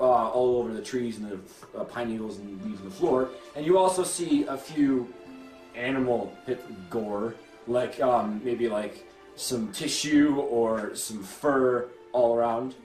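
A man's voice: medium pitch, expressive, slow pace, a little mellow. A man narrating as game master in a tabletop game, hesitant and full of fillers. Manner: hesitant, restarts often with many fillers. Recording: roomy echo, distant from the mic, faint music.

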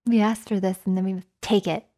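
A woman's voice: medium pitch, steady tone, fairly quick, mellow. A woman co-hosting a podcast in casual chat, a playful, jokey storyteller who breaks into mock accents. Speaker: podcast co-host.

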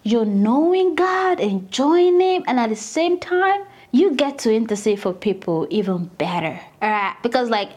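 A woman teaching scripture in a casual, chatty way, with a high voice that swoops widely up and down. She keeps addressing her listeners as "guys" and acts out Bible scenes as she goes. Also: lively intonation, a little slow, few pauses, a little mellow. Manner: dramatizes scripture with acted quotes.

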